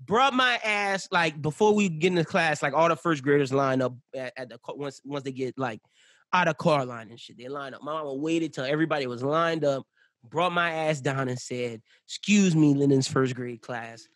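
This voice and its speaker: A young man telling animated, profane stories in casual podcast chat, laughing often. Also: a little high, normal speed, no room sound, studio quality. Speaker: podcast guest.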